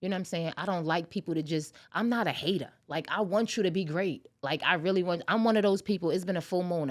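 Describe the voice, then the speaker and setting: A woman guest on a podcast, telling a personal story in casual chat and acting out the lines of the people in it. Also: deep voice. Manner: animated, talks fast, acts out dialogue.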